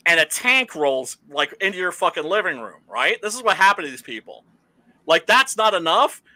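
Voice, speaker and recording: A man chatting casually about movies, swearing freely, laughing often and filling his talk with "uh" and "like". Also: on the high side. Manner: animated, profane, laughing storyteller with many fillers. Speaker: podcast host.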